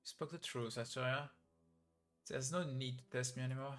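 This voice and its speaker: A man voicing a weary, sorrowful old male abbot from a video game story, read slowly and heavily. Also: medium pitch, steady tone, a bit bright, soft background music, natural voice.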